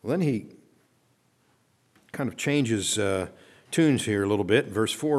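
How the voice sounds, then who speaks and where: A man preaching a sermon as pastor. He speaks earnestly, reads long scripture passages aloud, and lets his voice drop soft and low at the ends of phrases. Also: animated, measured pace, pauses often.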